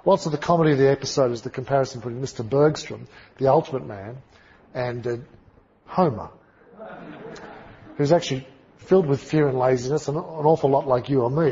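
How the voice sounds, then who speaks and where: Man giving a sermon, big dramatic swings loud to quiet, husky voice, muffled lo-fi sound. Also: mid-range voice, fairly quick, long pauses. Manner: dramatic, emphatic storytelling with big swings in volume. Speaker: preacher.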